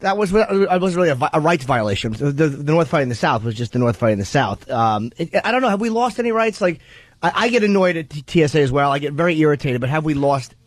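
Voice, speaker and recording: A man's voice: fairly high pitch, expressive, dry recording. A male radio host in casual studio talk, hesitant and restarting as he argues. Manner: quick, hesitant, restarts a lot. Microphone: studio mic.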